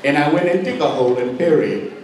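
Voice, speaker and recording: A middle-aged man from Tonga, an uncle giving a humorous storytelling speech at a birthday party, teasing and joking with sudden high swoops in pitch. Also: fast, darkish tone, slight background noise. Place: party hall. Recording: very echoey hall, distant mic.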